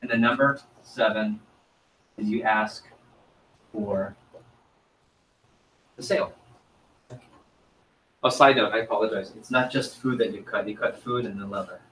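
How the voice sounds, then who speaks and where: A man's voice: lowish voice, fairly even intonation, a little slow, long pauses, a bit bright, a little hiss or hum. A man leading an interactive sales training seminar, quizzing the audience in an upbeat, chatty way.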